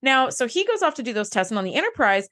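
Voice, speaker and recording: A woman's voice: fairly high pitch, very animated, fast, a bit bright. A woman co-hosting a podcast, chatting casually and acting out characters' lines with animation. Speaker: podcast co-host. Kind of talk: casual recap chat.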